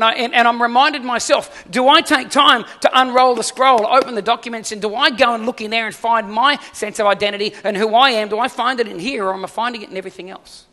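A man's voice: high-pitched, pushed and bright. A man preaching a sermon as pastor, conversational and full of questions to the congregation. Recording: reverberant hall.

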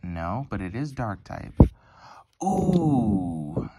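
Chatty low-voiced young man. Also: expressive, moderate pace, heavy background noise. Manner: chatty, rambling, lots of ums and self-corrections. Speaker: card-opening channel host. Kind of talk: casual pack-opening commentary.

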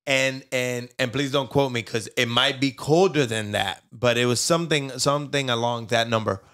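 A man co-hosting a podcast, chatting casually and joking with animated delivery. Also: medium pitch, moderate pace. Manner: joking, animated, slips into mock voices. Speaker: podcast co-host. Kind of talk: casual chat.

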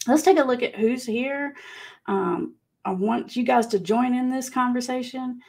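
A woman with a Southern US accent chats live with viewers and reads out their comments. Her voice is gravelly and husky, with a slight rasp. She talks easily and laughs often. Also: fairly high pitch, measured pace, darkish tone. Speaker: livestream host. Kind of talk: casual live chat.

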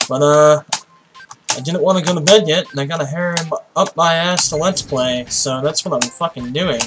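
A tired young man giving casual, profane commentary while playing a game, with sudden excited outbursts. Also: fairly high pitch, moderate pace, noisy background. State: tired, sleepy voice. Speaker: let's play host.

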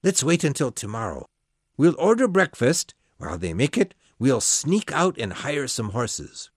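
A man voicing an excitable male opera singer who talks in an urgent, conspiratorial way. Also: mid-range voice, a little slow, breathy edge, no echo, clean studio sound, heavily acted.

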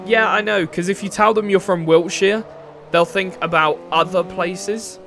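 A man's voice: sits high, steady tone, unhurried, vocal fry, pushed and bright. A young English man streaming a racing game, chatting in a rambling, casual way and answering chat. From England. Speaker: gaming streamer. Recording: racing game engine noise behind.

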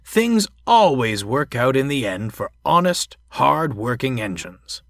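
A man doing a gentle, hopeful diesel. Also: mid-range voice, very animated, unhurried, no echo, studio quality. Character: earnest, good-natured male diesel engine.

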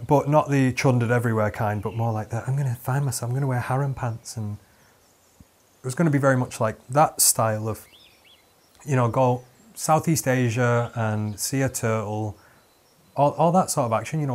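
A man's voice: mid-range voice, moderate pace. Young male podcast host spinning a long, rambling comic tale with frequent fillers. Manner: rambling, self-interrupting with many fillers. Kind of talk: casual comedic storytelling.

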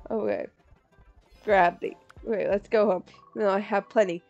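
A woman's voice: mid-range voice, normal speed, a little mellow, no echo, dull audio. A woman casually commenting on a life-sim game, thinking aloud over her choices. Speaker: gamer playing a life sim. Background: faint game music.

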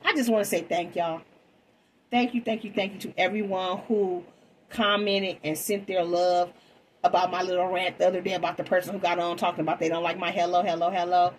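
A woman's voice: on the low side, steady tone, fairly quick, a little hiss or hum, low-quality recording. A woman reading tarot in a casual vlog, talking chattily to her viewers and calling them babies. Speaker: tarot reader.

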